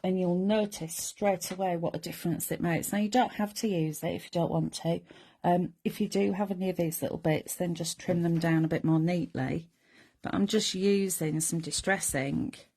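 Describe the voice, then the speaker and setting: A woman in middle age leads a relaxed crafting demonstration, explaining each step as she works. Her voice sits a little low and sounds soft and mellow. She chats along with viewers in an easygoing, conversational way. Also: normal speed. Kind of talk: chatty live crafting demonstration.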